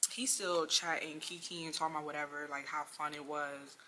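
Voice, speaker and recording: A young woman tells an exasperated storytime tale in a slangy, animated way. Her voice is bright and forward. A faint hiss sits under the recording. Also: sits low, normal speed. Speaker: vlogger. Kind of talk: storytime vlog.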